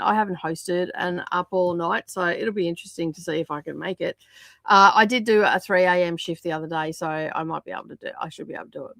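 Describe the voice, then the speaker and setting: A woman hosting a casual livestream, greeting viewers and chatting, her voice croaky from a sore throat. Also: mid-range voice, a bit bright, no room sound, clean studio sound. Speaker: livestream host. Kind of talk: casual livestream chat reading out viewer comments.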